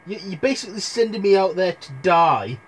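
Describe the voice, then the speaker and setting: A man's voice: sits high, animated, brisk, husky, pitched above the performer's own voice. A man voicing a sarcastic, complaining young girl in a comic storybook retelling, in a raised, whiny voice.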